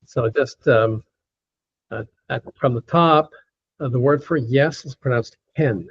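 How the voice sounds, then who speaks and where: A man teaching a class, patiently saying words slowly and repeating them, with many fillers, over an online call. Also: medium pitch, creaky, slightly rough. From United States. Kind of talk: lecture teaching pronunciation. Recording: dull lo-fi call audio.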